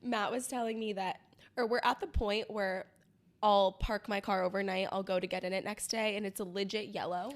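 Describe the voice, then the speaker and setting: A woman co-hosting a podcast in casual chat, her voice worn by allergies and vocal fry, easygoing and laughing. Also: mid-range voice, steady tone, normal speed. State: sick, allergy-stricken voice. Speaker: podcast co-host.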